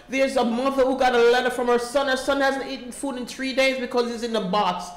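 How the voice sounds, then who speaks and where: A woman's voice: a little high, steady tone, moderate pace. A woman, a mother and volunteer, giving an emotional, pleading personal testimony to an audience. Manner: emotional, pleading, voice rising as she speaks. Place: large echoey room with an audience. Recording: roomy echo, faint room noise.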